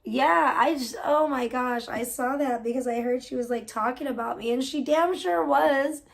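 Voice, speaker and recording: Gossiping woman streamer, fairly high voice. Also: moderate pace, gravelly. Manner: gossipy, animated, swears freely. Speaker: livestream host. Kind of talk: casual livestream chat.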